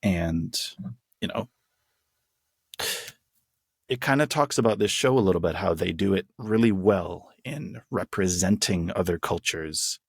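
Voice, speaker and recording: Husky low-voiced man, chatty. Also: measured pace, long pauses, no room sound, clean studio sound. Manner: enthusiastic, rambling with restarts. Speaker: podcast co-host. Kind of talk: casual chat.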